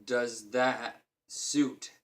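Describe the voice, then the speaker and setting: A man voicing a huge, boastful, dim-witted male giant, speaking loudly and slowly in a booming voice. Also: fairly even intonation. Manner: loud, slow, booming.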